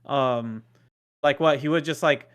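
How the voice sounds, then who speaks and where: A man's voice: medium pitch, measured pace, a bit bright, clean tone, muffled recording. A man co-hosting a podcast, rambling with hesitations and acting out bits of dialogue. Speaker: podcast co-host. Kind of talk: casual podcast chat.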